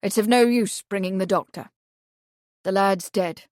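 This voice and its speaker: A woman voicing a sober, commanding gentleman who speaks firmly, in an audiobook. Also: medium pitch, unhurried, no room sound, studio quality, close to an everyday voice. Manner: firm and sober.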